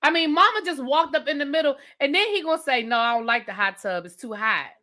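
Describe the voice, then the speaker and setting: Incredulous, bright-voiced woman ranting. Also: sits high, lively intonation. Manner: blunt, incredulous, rapid-fire rhetorical questions. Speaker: TV review host. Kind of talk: casual rant review.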